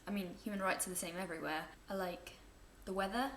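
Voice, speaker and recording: A woman's voice: mid-range voice, fast. A young woman, chatting to camera at home as she answers viewer questions, rambling and amused by her own asides. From England. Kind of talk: casual chat to camera. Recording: echoey room, faint background noise.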